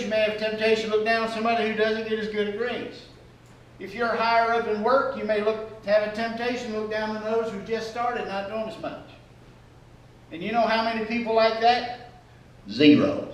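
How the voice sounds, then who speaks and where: High-voiced pastor preaching in an echoey hall. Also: male voice, fairly quick. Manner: animated, acts out quoted attitudes with humor. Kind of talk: sermon. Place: church sanctuary. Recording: echoey church hall from far off.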